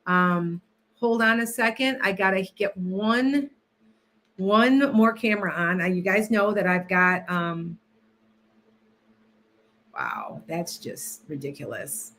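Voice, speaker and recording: A woman's voice: medium pitch, lively intonation, slow, long pauses, a bit bright, slight background noise. A woman hosting a casual livestream, rambling and restarting often as she sets up and chats with viewers. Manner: rambling, distracted, many restarts. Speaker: livestream host and tarot reader.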